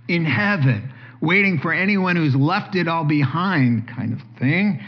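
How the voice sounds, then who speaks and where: A man preaching a sermon, telling the story in a lively way and acting out the dialogue. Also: a little high, a little slow. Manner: animated storytelling, acts out dialogue. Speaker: pastor. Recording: dull lo-fi sound.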